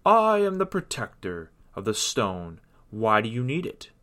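A man voicing a mysterious guardian of a magic stone in a storybook reading, booming and ominous. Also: wildly swooping pitch, a little slow, a bit bright, exaggerated voice.

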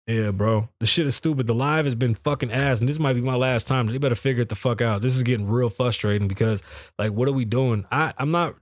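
A man hosting a solo livestream podcast, talking in an animated, profane way that swings between loud bursts and low mutters. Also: fast, no room sound, studio quality. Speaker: podcast host. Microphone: studio microphone.

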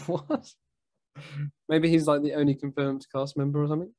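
A man's voice: a little high, steady tone, measured pace, mellow. A man in his twenties, co-hosting a casual podcast, teasing his friend and laughing often. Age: 20s. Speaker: podcast co-host. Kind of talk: casual chat.

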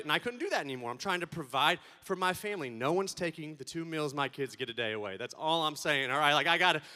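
A man giving a comedic keynote to students, playful and animated, swinging between loud and soft. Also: sits high. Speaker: speaker addressing students. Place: large event hall. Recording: long hall reverb.

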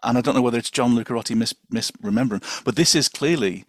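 A man's voice: mid-range voice, fast talker, dry recording, studio quality. A man speaking as a guest co-host on a podcast, wry and rambling in casual chat. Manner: wry, rambling, self-deprecating.

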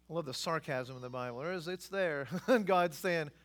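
A man preaching a sermon, swinging between quiet asides and loud, emphatic passages. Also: fairly high pitch, normal speed, few pauses. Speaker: pastor.

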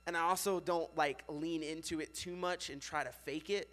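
A young man, a youth pastor, preaching a casual and animated sermon with lots of filler words. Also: fairly high pitch, moderate pace, few pauses.

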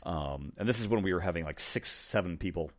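A man's voice: deep voice, expressive, brisk, heavy background noise. A man co-hosting a podcast, reminiscing casually with frequent ums and laughs. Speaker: podcast co-host.

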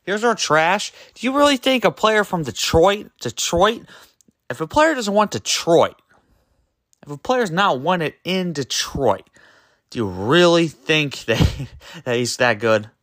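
A man hosting his own sports podcast, ranting in an exasperated, emphatic way, full of rhetorical questions and quick self-corrections. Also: on the high side, expressive, a bit bright, no room sound, studio quality. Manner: loose and rambling, trips over words and self-corrects. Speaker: podcast host. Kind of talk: solo sports podcast rant.

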